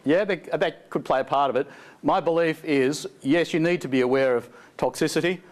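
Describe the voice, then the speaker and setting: A man's voice: on the high side, moderate pace. A man presenting a live seminar, a chatty, jokey storyteller who laughs often and asks the audience questions. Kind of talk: live seminar talk with anecdotes. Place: seminar hall before an audience.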